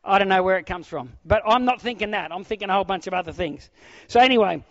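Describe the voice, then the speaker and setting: This sermon comes from a middle-aged man, a pastor whose voice sits slightly high and who talks quickly. His delivery leaps between booming bursts and hushed, almost whispered lines. There's no room sound at all; the audio is close, dry, a little dull and lo-fi.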